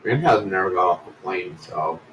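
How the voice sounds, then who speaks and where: A man with a lowish voice describes events in a tabletop game in a plain, matter-of-fact way. He sits away from the mic, and faint background noise runs underneath. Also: lively intonation, normal speed, fairly bright tone, far from the mic, highs cut off. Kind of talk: casual tabletop role-play narration.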